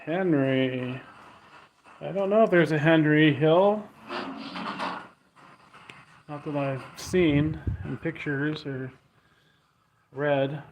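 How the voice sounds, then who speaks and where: A man on a ghost-hunting walkthrough of an old house, calling out in hushed tones to unseen spirits and recorded on a handheld phone. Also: on the high side, slow, long pauses, dull audio. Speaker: paranormal investigator. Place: indoors in an old house at night. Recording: steady background hiss and room noise.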